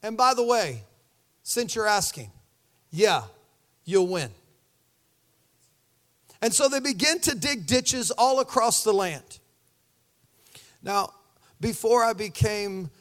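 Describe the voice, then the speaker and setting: A pastor preaching a sermon, telling the story with animated energy and acting out the voices. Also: male voice, high-pitched.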